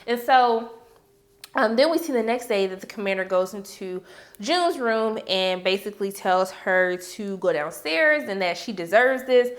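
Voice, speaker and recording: A woman hosting a TV episode review, recapping the plot in casual, animated talk with loud reactions. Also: mid-range voice, moderate pace. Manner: animated, reacts loudly to what she recaps. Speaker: TV review host.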